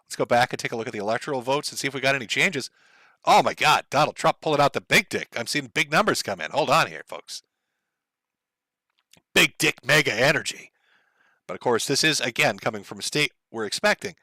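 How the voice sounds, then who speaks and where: A man's voice: mid-range voice, expressive, brisk, sharp tone, dry recording. A man hosting a livestream, ranting in a profane, heated, sarcastic way and reading out viewer messages. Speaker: livestream host.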